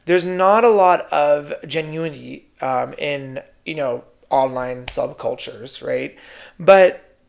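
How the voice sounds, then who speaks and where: A man's voice: fairly high pitch, slow pace, gravelly. A man hosting his own podcast, delivering a sassy, profane solo monologue and often adding "right?". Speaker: podcast host.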